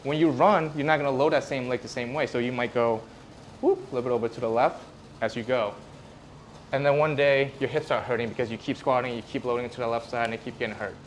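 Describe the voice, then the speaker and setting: Man, physical therapist, casual live presentation, mid pitch, faint background noise. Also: fairly even intonation, quick pace. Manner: casual, conversational, acts out examples.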